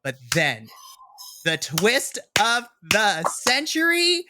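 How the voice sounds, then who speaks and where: A young man co-hosting a wrestling podcast, recapping a show as an excitable storyteller who swears and acts out reactions. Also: high voice, takes it slowly, heavy background noise. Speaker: podcast co-host.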